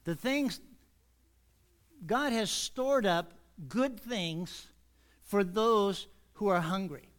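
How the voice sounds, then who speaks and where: A man with a notably high voice delivers a church sermon. He eases in with light jokes and casual asides, then slows right down to lean on the key words. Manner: warms up with jokes, easygoing asides. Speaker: pastor. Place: church sanctuary.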